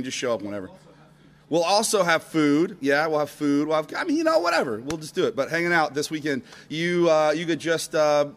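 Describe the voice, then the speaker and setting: A middle-aged man preaching a casual, upbeat sermon to a live congregation, talking loosely with fillers and asides. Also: medium pitch. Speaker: pastor. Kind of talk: conversational sermon. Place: church service before a live congregation.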